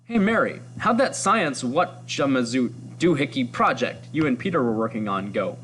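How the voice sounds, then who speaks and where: A man's voice: medium pitch, big pitch swings, normal speed, a bit bright, soft background music. A man voicing a friendly older uncle who teases in a folksy way during a comic reading. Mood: teasing. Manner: folksy, teasing.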